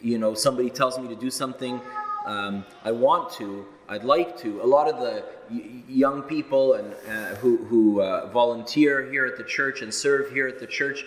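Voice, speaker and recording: A man's voice: medium pitch, normal speed, slight background noise. A man in his thirties, a married priest, preaching a sermon in a conversational way with casual asides and restarts. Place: church. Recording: echoey church hall, faint ambience.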